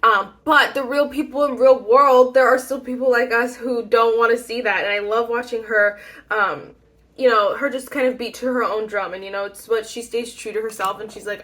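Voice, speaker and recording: Bright-voiced chatty young woman. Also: a little high, steady tone, normal speed. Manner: chatty, rambling, self-deprecating with frequent ums and laughs. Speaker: beauty YouTuber. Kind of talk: casual makeup tutorial chat.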